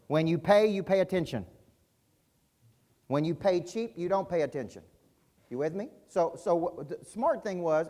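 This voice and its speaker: A man's voice: a little high, a little mellow. A middle-aged man giving an intense, punchy business-coaching keynote at a conference, often quizzing his audience. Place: conference hall stage.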